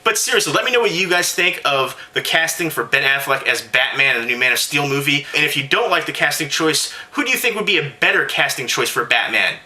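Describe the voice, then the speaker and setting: Fast-talking bright-voiced male vlogger. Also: mid-range voice, expressive. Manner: emphatic and conversational, directly addressing viewers. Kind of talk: casual opinion rant to camera.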